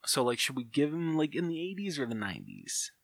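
A man co-hosting a podcast, chatting casually with a jokey, lively manner. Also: a little high, gravelly, no echo. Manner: lively, jokey, quick reactions. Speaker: podcast co-host. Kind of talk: casual chat.

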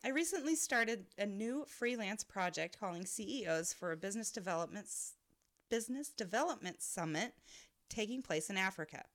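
A woman's voice: mid-range voice, animated, normal speed, a bit bright. A woman co-hosting a podcast, reading listener stories aloud and laughing often as she reads. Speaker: podcast co-host.

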